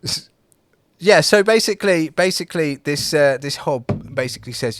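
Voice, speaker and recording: With a fairly high, slightly bright voice, a male podcast co-host animatedly recounts a folk tale at a normal speed, rambling with lots of fillers, restarts, and swearing. The recording is dry and studio quality.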